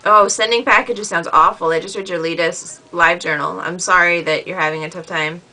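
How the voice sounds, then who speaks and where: Young woman, casual vlog reply to a friend, chatty and animated, bright tone. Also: fairly low pitch, normal speed, low-quality recording. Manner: chatty, filler-heavy, animated retellings. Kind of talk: casual video message.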